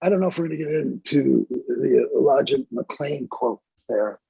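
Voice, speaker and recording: Gravelly, husky man musing as a guest. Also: mid-range voice, expressive, dark tone, no echo, highs cut off. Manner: musing, halting, with many fillers. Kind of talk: reflective podcast talk.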